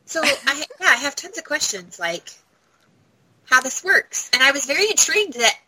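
A woman's voice: high-pitched, very animated, moderate pace, sharp tone, poor audio. A woman co-hosting a podcast in casual chat, rambling along with constant "like" fillers. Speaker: podcast co-host.

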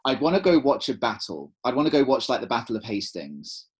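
Husky man chatting. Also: mid-range voice, fairly quick. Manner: animated, rambling storyteller. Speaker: podcast co-host. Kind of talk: casual chat.

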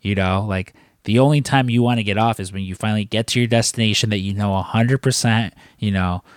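A man's voice: on the low side, brisk, no echo. Male podcast co-host, reflective and rambling, dry close recording. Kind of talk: casual film discussion.

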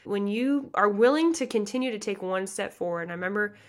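A woman's voice: mid-range voice, animated. A woman in her thirties from the American Midwest, a pageant coach talking passionately and chattily on her podcast. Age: 30s. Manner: passionate, fast, chatty with many likes and you guys. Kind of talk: motivational podcast talk.

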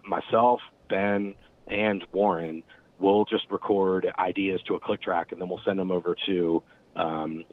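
Man, very deep voice, loose rambling talk, tinny phone-like sound, interview guest. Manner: rambling, filler-heavy, relaxed storytelling. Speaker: band member guest.

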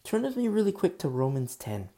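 A man preaching a sermon, impassioned, rising to emphatic questions and dropping to a hush. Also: sits high, big pitch swings, brisk.

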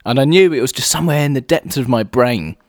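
A man's voice: medium pitch, fast talker, no echo, clean studio sound. A man co-hosting a podcast in casual chat, laughing often. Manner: chatty, laughs often, lively. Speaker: podcast co-host.

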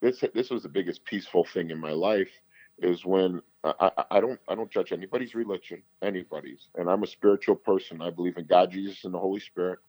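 A man's voice: low voice, quick pace, a little mellow, dry recording, low-quality recording. A middle-aged man, a guest, telling personal stories in an earnest, rambling way full of restarts. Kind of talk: candid conversational storytelling.

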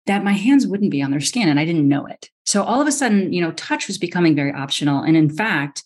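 A middle-aged woman tells a story in a podcast interview, her voice sitting on the low side. She talks with lively energy, jumps up to act out the people she quotes, and often restarts her sentences. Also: fast talker. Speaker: osteopathic physician guest.

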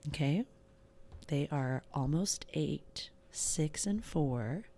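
Female podcast host, thirties, low gravelly voice, bubbly and self-mocking, casual rambling solo chat. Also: animated, extremely slow, dark tone. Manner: giggly, bubbly, self-mocking, drawling filler-heavy talk. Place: home recording setup in Wisconsin.

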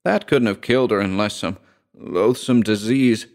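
A man's voice: lowish voice, moderate pace, darkish tone, lightly acted. A man voicing a drunk, grieving man who speaks in a dead, expressionless voice in an audiobook story. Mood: dull menace.

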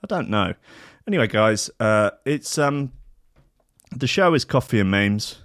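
A man's voice: lowish voice, expressive, a little slow, a bit bright, dry recording, studio quality. Sweary rambling man. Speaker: podcast host. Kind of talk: casual streamed chat. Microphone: headphones and desk mic.

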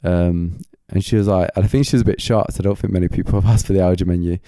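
A man's voice: low voice, steady tone, rapid-fire, warm tone, dry recording, clean studio sound. A man hosting a solo Q&A podcast late at night, his voice going a bit, rambling with lots of filler words like "kind of" and "like". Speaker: podcast host.

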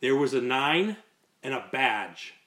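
A man's voice: medium pitch, very animated, slow, a bit bright. Man, podcast host, casual story, rambling, repeats himself. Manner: rambling, repeats words, laughs through stories.

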